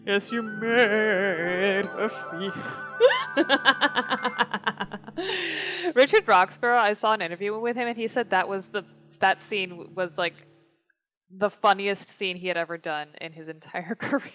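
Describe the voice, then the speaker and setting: A woman chatting casually while playing a video game, excitable and given to frustrated swearing outbursts. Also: mid-range voice, slow pace, pauses often, faint music behind. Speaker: let's play gamer. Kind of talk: casual gameplay chat.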